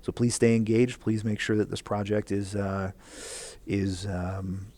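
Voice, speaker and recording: A man's voice: fairly low pitch, level tone, a little slow, mellow. A male teacher recording class instructions, rambling with many fillers, earnest and encouraging.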